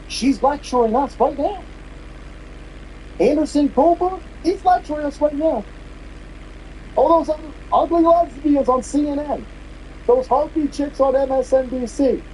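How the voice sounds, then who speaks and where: Brief: male podcast host, furious mocking rant, pitch swinging widely, mellow tone, faint hiss behind. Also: low-quality recording. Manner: profane, mocking, heated. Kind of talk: angry political rant.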